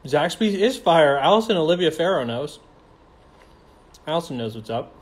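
A man's voice: on the high side, big pitch swings, moderate pace. A young man casually chatting on a phone livestream, reading comments aloud in a playful, campy, slangy way. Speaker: stage actor hosting a livestream.

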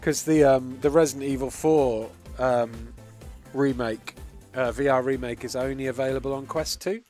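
A man's voice: mid-range voice, steady tone, moderate pace, darkish tone, faint music behind. A man hosting a game stream, trading jokes and teasing banter with friends over a headset. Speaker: streamer and host. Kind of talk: casual gaming chat.

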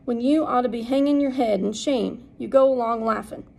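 A woman's voice: fairly high pitch, moderate pace, gravelly, mellow, poor audio. A woman voicing a stern, indignant housekeeper who scolds the children. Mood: scolding.

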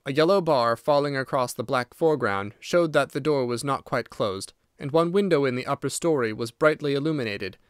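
A man narrating a classic detective audiobook in a steady, unhurried reading. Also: medium pitch, clean tone, dry recording, clean studio sound. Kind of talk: scripted narration.

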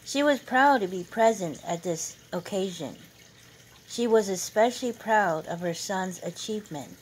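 A woman narrating a novel chapter aloud at a steady, measured pace. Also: medium pitch, slight background noise, poor audio.

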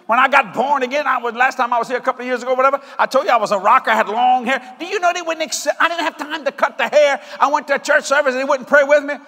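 A male preacher giving a sermon in an animated, joking way, often breaking into shouts. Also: very high-pitched, very fast, hardly any pauses, big-room sound.

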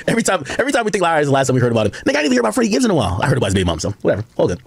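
A man talks fast in a husky voice, swinging his pitch up and down as he rambles through a live-stream commentary. His delivery is excitable and full of asides, and the dry recording sits close to the mic. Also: no room sound. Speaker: livestream commentator.

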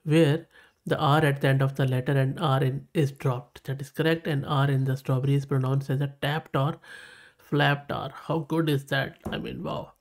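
A man's voice: mid-range voice, level tone, moderate pace. A man with a South Asian English accent hosting a tech tutorial, talking casually and enthusiastically as he reads results aloud and repeats his praise. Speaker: tech channel host. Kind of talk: casual screen-recorded tutorial.

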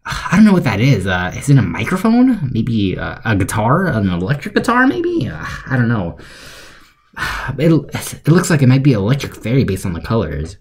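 A young man giving deadpan, sarcastic commentary for a joke video, rambling with fillers. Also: medium pitch, moderate pace, husky. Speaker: YouTuber.

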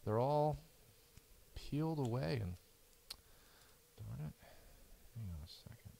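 A man's voice: medium pitch, lively intonation, slow, gravelly, noisy background. A man hosting a live card break, chatting casually while he reads out cards, tired and yawning. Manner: chatty, reads out card names as he opens packs. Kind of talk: casual live stream commentary.

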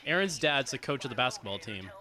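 A man's voice: medium pitch, expressive, fast. A young adult man chatting casually over a video game, joking and teasing in a dry way. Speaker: gaming co-host. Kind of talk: casual chat over gameplay. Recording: noisy home recording.

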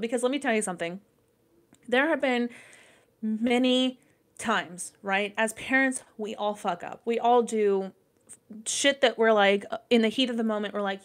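A woman's voice: on the high side, a bit bright. A young adult woman hosting a podcast, talking casually, swearing a lot, rambling with plenty of fillers. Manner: profane, rambling, lots of fillers. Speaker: podcast host. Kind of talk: casual chat.

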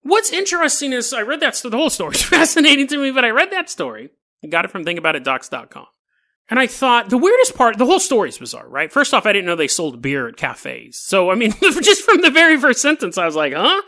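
A man's voice: very high-pitched, huge pitch swings, fast talker, bright, forceful tone. A man hosting a casual storytelling podcast, joking and laughing through wry asides. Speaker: podcast host.

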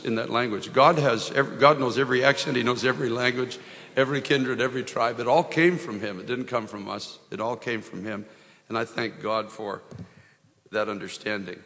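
Middle-aged American pastor, earnest preaching, mid-range voice, restarts often, recorded in a big echoing hall. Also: male voice, medium pitch, gravelly, a bit bright. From United States. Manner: earnest preaching with frequent restarts and prayerful exclamations. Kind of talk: sermon at an evangelistic rally. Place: large hall.

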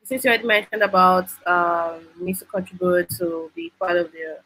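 A woman's voice: fairly low pitch, fairly even intonation, normal speed, sharp tone, rough recording. A woman moderating a panel, asking questions in a hesitant way with fillers. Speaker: session moderator.

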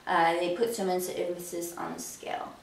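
A woman fitness coach with a gravelly, fry-tinged voice delivers a motivational talk. She fires off rhetorical questions and leans on casual "you know" fillers. She sounds a little far from the mic in an echoey room with faint ambience behind her. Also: lowish voice, monotone, moderate pace, slight background noise. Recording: roomy echo, mic at a distance.

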